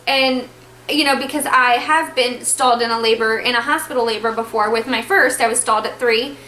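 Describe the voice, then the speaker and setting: High bright chatty woman in an echoey room. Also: brisk. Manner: chatty, animated, acts out dialogue. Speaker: vlogger telling her birth story. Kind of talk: casual storytelling to camera. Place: at home. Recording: echoey room, faint ambience.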